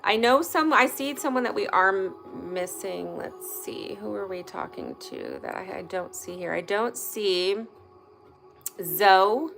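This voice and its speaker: A woman hosts a live stream from her home in an unhurried, drawn-out way, her voice sitting at an ordinary middle pitch. She chats openly and candidly with her viewers and lets a curse slip when something goes wrong. Soft music plays faintly in the background. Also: sing-song, gravelly. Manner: chatty and candid, swears freely when annoyed. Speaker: host of a live online session. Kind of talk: casual live-stream chat. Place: at home indoors by a fireplace.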